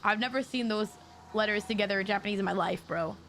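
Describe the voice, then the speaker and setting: A woman streaming a mystery game, reading the dialogue aloud and breaking off into excitable, jokey asides to her chat. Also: mid-range voice, quick pace, a little hiss or hum. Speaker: VTuber streamer.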